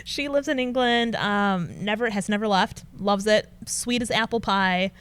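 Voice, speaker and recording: A young adult woman, a news anchor, chatting as a guest and telling animated stories with frequent laughter. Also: mid-range voice, measured pace, clean tone. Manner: animated storyteller, laughs often. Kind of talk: casual interview chat.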